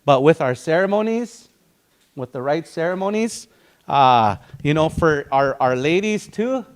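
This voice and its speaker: A man's voice: a little high, lively intonation, measured pace. A man with a Dakota community accent teaching a language and culture class, explaining words one at a time and acting out little quotes as he goes. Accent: Dakota community English.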